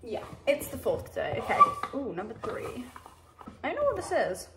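A woman's voice: high-pitched, huge pitch swings, normal speed, very noisy. A young woman chatting casually to camera at home in her bedroom, rambling and saying "literally" and "like" a lot. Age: young adult. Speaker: vlogger. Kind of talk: casual vlog chat.

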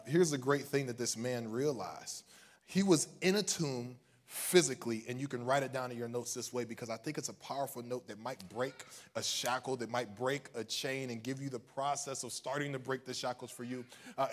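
A young man from Ohio preaching a sermon in a conversational way, with self-deprecating asides. His voice sits in a middle pitch and swings from near-hushed lines to loud, forceful ones. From Ohio, United States. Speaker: minister.

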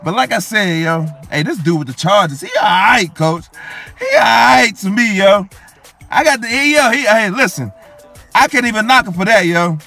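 A man's voice: sits high, animated, normal speed, gravelly, pushed and bright, faint music behind. A young man giving hyped, boastful gameplay commentary, repeating his catchphrases over and over. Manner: hyped, boastful, repeats phrases ending in "coach" and "yo". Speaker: gaming YouTuber.

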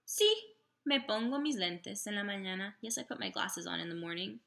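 A woman teaching a language lesson slowly and patiently, sounding out example phrases carefully and pausing on fillers. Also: mid-range voice, creaky, a bit bright. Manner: slow, deliberate, with many fillers. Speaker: Spanish teacher.

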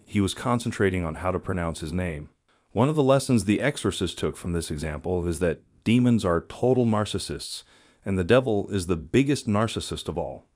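Low-voiced man reading a script. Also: darkish tone, no room sound, studio quality. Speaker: channel narrator. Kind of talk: scripted narration.

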